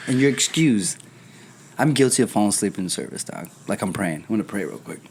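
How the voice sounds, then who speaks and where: Podcast host, young adult man, animated storyteller, casual and profane. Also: on the low side, a little fast, slight background noise. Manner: animated storyteller, acts out quoted voices, swears casually. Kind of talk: casual chat.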